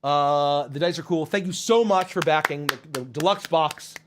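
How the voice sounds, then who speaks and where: A man hosting a live stream, reading out chat comments with loud excitement and casual swearing. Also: moderate pace, background noise. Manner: excited, swears casually, swings from loud hype to low mumbles. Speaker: livestream host.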